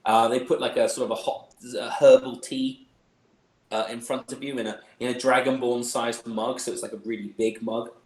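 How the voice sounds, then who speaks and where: A man's voice: mid-range voice, level tone, normal speed, a little mellow, reverberant, poor audio. A man running a tabletop game, describing the scene in a rambling, chuckling way. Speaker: game master.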